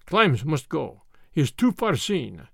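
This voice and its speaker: A man voicing a businesslike German agent with a clear, precise voice. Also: a little high, sing-song, measured pace, fairly bright tone, no room sound, studio quality, full character voice. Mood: formal.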